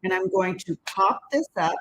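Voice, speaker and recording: A woman's voice: mid-range voice, lively intonation, moderate pace, a bit bright, slight background noise, low-quality recording. A woman giving a casual crafting tutorial, chatting as she works and laughing at her own slips. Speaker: card-making demonstrator.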